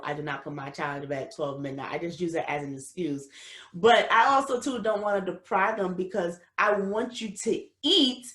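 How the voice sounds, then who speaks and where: A woman's voice: mid-range voice, a bit bright. A woman in her thirties hosts a casual advice podcast, speaking. She preaches emphatically and talks directly to her listeners. Her mid-range voice carries a noticeable room echo. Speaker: podcast host. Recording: roomy echo.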